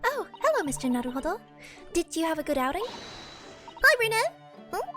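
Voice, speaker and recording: A woman's voice: extremely high pitch, big pitch swings, brisk, fairly bright tone, voice pushed up, heavily acted. A woman voicing a cheerful, teasing ten-year-old girl in a game dub. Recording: game music behind the voice.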